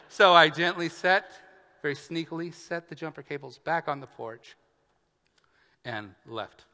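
A man preaching as a pastor, telling a funny personal story with animated, acted-out quotes before outlining scripture. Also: on the high side, normal speed. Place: church sanctuary. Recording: long church-hall reverb.

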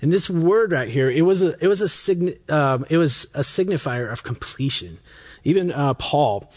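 A man preaching a sermon in a conversational way, often restarting and correcting himself, and slowing down and softening when he reads scripture aloud. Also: fairly high pitch, lively intonation. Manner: conversational, self-correcting, with frequent restarts and fillers. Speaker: pastor.

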